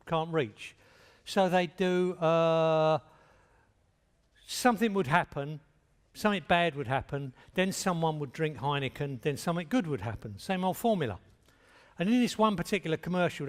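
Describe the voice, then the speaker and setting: An older man giving a talk in a plain, direct storytelling manner. His voice sits a little high for a man. The sound rings with the long reverb of a large hall. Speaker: speaker at a talk. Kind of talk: anecdotal lecture.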